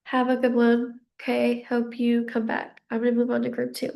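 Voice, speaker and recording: A young woman giving a casual psychic tarot reading, a little out of breath, gentle and reassuring as she rambles with fillers. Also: a little high, monotone, moderate pace, gravelly. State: slightly out of breath. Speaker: tarot card reader.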